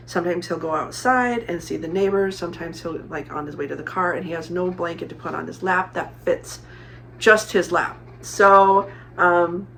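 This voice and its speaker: A middle-aged woman from Arizona chats casually as a crafting vlogger, rambling with lots of fillers and restarts. Her voice is lowish with a fairly bright tone, and there's a little hiss or hum.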